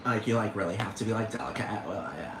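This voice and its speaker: A man's voice: on the low side, quick pace. Rambling, profane man in an echoey room. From Texas, United States. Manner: rambling, profane, keeps asking if you follow. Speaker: podcast host. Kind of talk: casual monologue rant. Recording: echoey room with faint noise.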